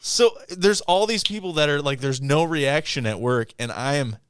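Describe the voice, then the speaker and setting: A man's voice: a little high, moderate pace, a bit bright, clear, resonant tone, no room sound, studio quality. A man co-hosting a podcast, telling stories in casual chat, laughing and swearing a lot. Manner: laughing, profane storytelling. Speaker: podcast co-host.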